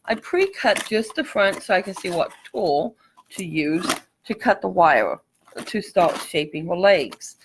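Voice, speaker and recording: A woman's voice with a creaky, gravelly texture, talking casually through a live craft tutorial. She is chatty and apologetic and welcomes viewers by name as they arrive. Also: on the low side, very animated, measured pace, background noise. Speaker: craft channel host.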